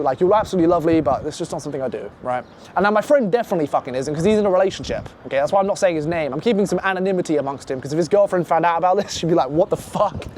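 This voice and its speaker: Young guy swearing his way through a story, slightly high voice, bit of street traffic behind. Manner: animated, profane, acts out quoted voices. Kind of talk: casual spoken storytelling.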